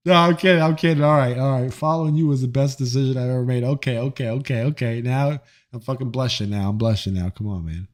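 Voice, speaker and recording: A man hosting a live stream, chatting casually with viewers in a joking, profane and animated way. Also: medium pitch, fast. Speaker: livestream host reading chat.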